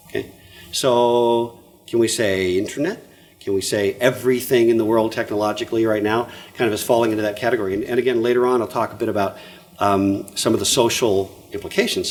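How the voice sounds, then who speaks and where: Older male presenter, animated and joking, medium pitch, keeps asking the room "right?". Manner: animated, jokey, checks in with audience. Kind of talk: lively conference talk.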